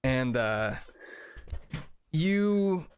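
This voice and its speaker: A man's voice: on the high side, sing-song, extremely slow, smooth, dry recording. A man narrating a tabletop game as game master, in an easygoing, descriptive way.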